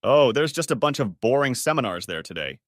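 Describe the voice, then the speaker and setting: A man's voice: mid-range voice, very animated, a little fast, no room sound, clean studio sound, lightly acted. A man voicing a smug adult man who talks in a casual, offhand way.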